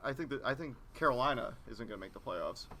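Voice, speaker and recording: A young man co-hosting a casual sports podcast, setting up the questions with quick, stumbling restarts. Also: medium pitch, expressive, pushed and bright, slight background noise. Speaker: podcast co-host leading the segments. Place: campus TV studio.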